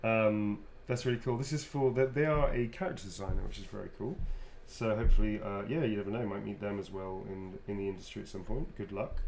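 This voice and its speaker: A man's voice: on the low side, fairly even intonation, fast talker, hardly any pauses, darkish tone, a little hiss or hum. A man who is an actor, chatting and joking as he signs autographs and reads out fan messages. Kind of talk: casual chat during a live signing.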